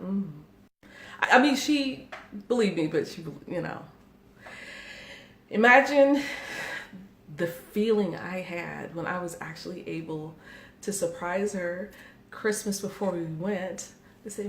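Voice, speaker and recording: A woman in her forties shares a family story in an easy, chatty way. She has a lowish voice and speaks with animated energy. The room sounds echoey, with a faint hiss behind her. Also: moderate pace. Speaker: podcast co-host. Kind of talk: casual storytelling chat.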